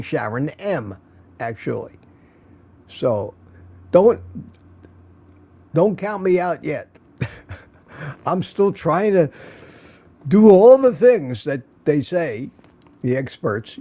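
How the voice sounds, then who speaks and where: Older guy doing a chatty morning stream, slow and easygoing, mellow voice that bounces around a lot. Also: a little high. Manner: chatty, self-mocking, greets viewers by name. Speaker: livestream host. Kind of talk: casual morning chat greeting live viewers.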